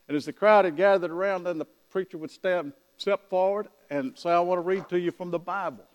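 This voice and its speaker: A high-pitched man preaches through a story, acting out each exchange of dialogue. The long reverb of a large hall trails after his words. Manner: animated anecdotal telling with quoted dialogue. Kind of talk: sermon storytelling.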